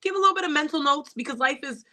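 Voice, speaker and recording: A woman comedian from New York, a guest chatting in a casual interview, playful and quick to laugh. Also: sits high, animated, bright, forceful tone.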